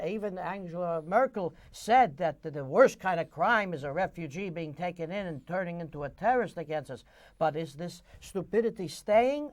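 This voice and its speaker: A man hosting a conversational interview, speaking in long-winded runs and retelling stories at length before he asks his questions. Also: high voice. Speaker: interview host.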